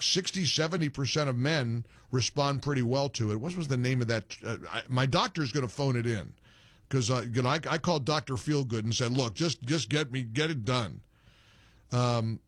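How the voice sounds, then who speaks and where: A man's voice: mid-range voice, normal speed, no room sound, studio quality. A middle-aged man hosting a call-in radio show, rambling, joking and getting exasperated with callers. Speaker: radio talk show host.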